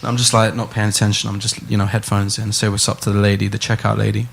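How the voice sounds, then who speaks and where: A man's voice: on the low side, level tone, quick pace, creaky, a little hiss or hum. A man hosting a casual podcast, telling a rambling anecdote with frequent laughs. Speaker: podcast host.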